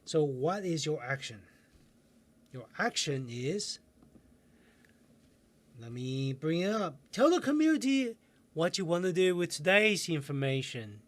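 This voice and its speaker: A man coaching viewers in a self-help video lesson, calm and guiding, slowing down with pauses for breathing exercises. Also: a little high.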